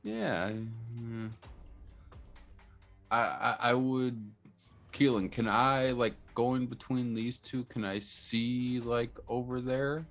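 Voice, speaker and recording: A man's voice: mid-range voice, steady tone, takes it slowly, a bit bright, soft background music. A man playing a tabletop game in casual chat, hesitant and repeating his words. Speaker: player.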